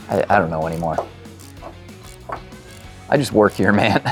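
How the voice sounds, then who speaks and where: A man's voice: deep voice, moderate pace, pauses often, soft background music. A man working as a mechanic, chatting in a rambling, self-deprecating way as he works on a car in his workshop. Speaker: mechanic and show host. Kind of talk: casual talk while working on a car.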